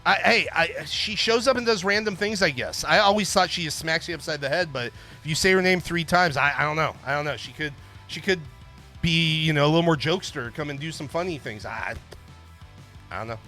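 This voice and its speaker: A male stream host rambles and jokes with his viewers in a loose, casual way. His voice sits high and sounds bright and forward. Faint music plays underneath. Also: brisk. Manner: rambling, jokey, chatting with viewers. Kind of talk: casual livestream chat.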